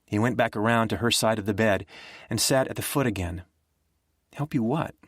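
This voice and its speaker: A man narrating a thriller audiobook in a steady, measured way. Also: lowish voice, no echo, clean studio sound. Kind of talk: scripted narration.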